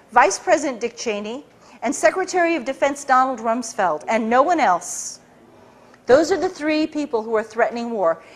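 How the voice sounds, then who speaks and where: A woman giving a public talk as an author, telling an animated story, acting out dialogue and often restarting her sentences. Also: high voice.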